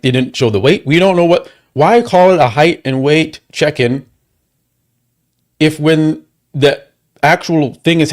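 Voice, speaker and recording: Man ranting heatedly, swearing a lot. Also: a little high. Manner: profane, heated, rapid repetitions and rhetorical questions. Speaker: livestream host. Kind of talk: angry watchalong rant.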